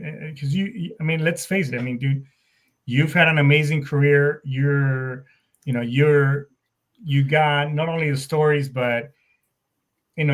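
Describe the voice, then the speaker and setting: Laid-back veteran host. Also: male voice, a little high, a bit bright. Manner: loose and friendly, with casual slang. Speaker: podcast host, Marine veteran. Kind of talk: casual interview talk.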